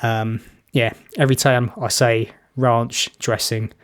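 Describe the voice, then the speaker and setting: British man, reaction commentary, rambling chatty anecdotes, blunt opinions, mid-pitched voice. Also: little pitch movement, slow. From Britain. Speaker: reaction video host.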